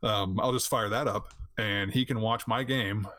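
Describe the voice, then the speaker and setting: A man's voice: lowish voice, normal speed, no room sound. A man in his thirties hosting a podcast, chatting casually and acting out quotes with a laugh. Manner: animated storyteller, laughs often, acts out quotes. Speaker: podcast host. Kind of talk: casual chat.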